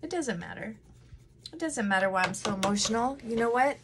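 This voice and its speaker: A woman's voice: fairly high pitch, animated, fairly quick, fairly bright tone, slight background noise. A middle-aged woman chatting emotionally and candidly while doing her makeup at home, close to tears at times. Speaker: vlogger.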